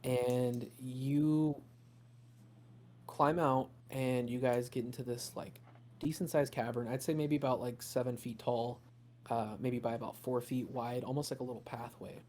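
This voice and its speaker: A man's voice: mid-range voice, fairly even intonation, unhurried, dark tone, a little hiss or hum. A man narrating as game master of a tabletop game, casual and rambling, with many fillers.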